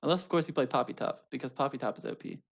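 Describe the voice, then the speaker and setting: A man with a middle-pitched voice breaks down team picks in easygoing, chatty commentary. He pokes fun at himself now and then while he talks through the game. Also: racing, creaky. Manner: laid-back, self-mocking humor. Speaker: esports caster. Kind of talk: casual esports commentary.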